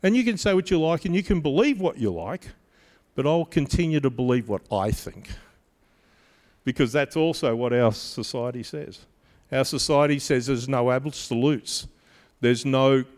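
A man's voice: mid-range voice, big-room sound. A middle-aged man preaching a sermon, telling stories in a conversational way with humorous asides. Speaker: pastor.

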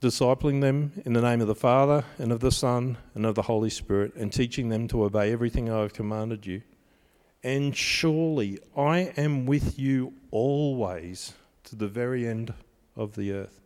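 A man preaching a sermon, telling stories that build to emphatic peaks and then drop quiet. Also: medium pitch, moderate pace, big-room sound. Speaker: pastor.

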